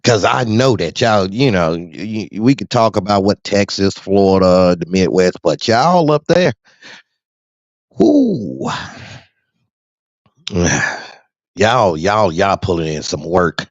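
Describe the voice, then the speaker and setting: A man's voice: low voice, sing-song, slow pace, long pauses, no room sound, highs cut off. Profane, laughing male podcast host. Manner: loose, profane, laughs often, shouts greetings to listeners. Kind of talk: casual podcast monologue.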